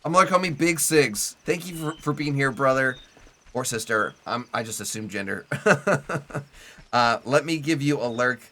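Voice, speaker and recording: Bright-voiced chatty male streamer. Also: medium pitch, animated, unhurried. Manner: rambling, chatty, heavy on "like" fillers. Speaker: Twitch streamer playing a video game. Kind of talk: casual live gameplay commentary.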